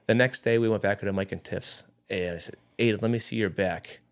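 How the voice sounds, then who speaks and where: A man's voice: lowish voice, fairly even intonation, brisk. A man around forty in casual podcast chat, telling a story animatedly and acting out what others said.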